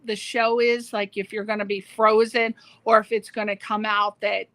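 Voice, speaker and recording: A woman's voice: medium pitch, flat delivery, moderate pace, fairly bright tone, no echo. A woman hosting an interview show, chatty and enthusiastic, asking loose, rambling questions. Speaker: host. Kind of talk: casual interview chat.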